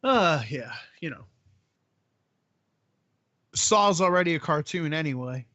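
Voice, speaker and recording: Exasperated high-voiced male host. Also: expressive, slow, sharp tone, dry recording, highs cut off. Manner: exasperated, profane, ranting. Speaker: podcast host. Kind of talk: casual movie-riff chat.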